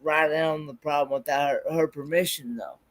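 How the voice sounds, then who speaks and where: A man who works as a mechanic, answering questions in a hesitant, halting way with many fillers. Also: on the high side, fairly even intonation, a bit bright. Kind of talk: casual chat.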